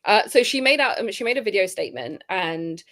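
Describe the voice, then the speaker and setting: A woman chatting casually as co-host, animated and outspoken, swearing and going off on tangents. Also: mid-range voice, fairly quick, over a noisy crowd. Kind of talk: casual banter.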